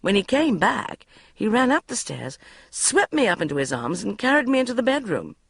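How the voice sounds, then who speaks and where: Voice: medium pitch, sing-song, normal speed, vocal fry, slightly rough, no room sound. A narrator reading a comic novel in the first person with a wry storytelling manner. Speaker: audiobook narrator.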